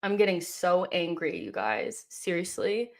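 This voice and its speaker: A young woman hosting a live football watchalong, reacting with exasperation and yelling at the referee and players. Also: on the low side, big pitch swings, a little slow.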